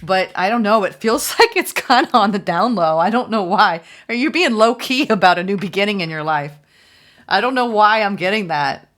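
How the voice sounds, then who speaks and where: A woman's voice: medium pitch, animated, normal speed, a bit bright. A woman giving a casual, chatty tarot reading, musing aloud and voicing the viewer's thoughts. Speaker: tarot reader.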